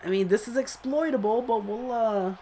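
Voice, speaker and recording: A man's voice: sits high, normal speed, dark tone, slight background noise. A man casually commenting on his own football video game match, chatty and self-critical, breaking into short laughs. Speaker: gaming channel host.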